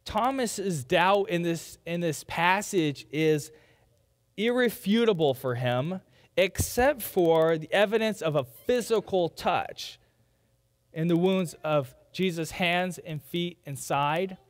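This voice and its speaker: In a church sanctuary, a pastor with a high-pitched, lively voice preaches slowly, his words trailing into a long reverb tail. His sermon is conversational, and now and then he quotes doubters in mocking voices.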